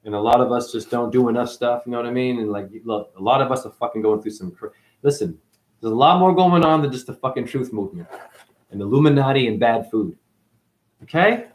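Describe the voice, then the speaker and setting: A man talking straight to his live chat in a rambling spiritual rant. His voice sits at a middle pitch, but it leaps up into loud bursts and drops to low mutters, with plenty of swearing. It sounds like a home webcam or phone mic. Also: a little fast. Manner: profane, swings between loud high outbursts and low mutters. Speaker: livestreamer.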